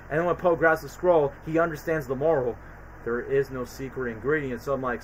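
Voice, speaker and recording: A man streaming a casual film ranking, talking in an excitable, rambling way with many fillers. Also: mid-range voice, a little fast, a little hiss or hum, poor audio. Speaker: streamer reviewing films. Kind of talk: casual chat.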